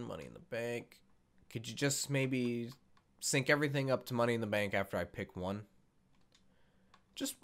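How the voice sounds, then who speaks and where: A man's voice: medium pitch, fairly bright tone. A young man giving casual let's-play commentary as he sets up a wrestling game, rambling, correcting himself and swearing offhandedly. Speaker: gaming YouTuber.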